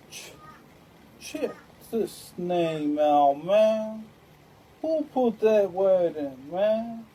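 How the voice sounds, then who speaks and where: A woman's voice: fairly low pitch, dark tone, slight background noise, poor audio. A woman talking in a rambling, repetitive monologue full of street slang and chant-like repeats.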